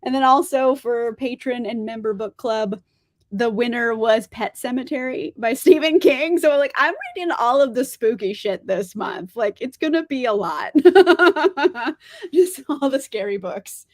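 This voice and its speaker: A woman's voice: fairly high pitch, measured pace, no echo, studio quality. A young woman chatting casually on a live stream about books, laughing often and speaking bluntly. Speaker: book streamer answering chat.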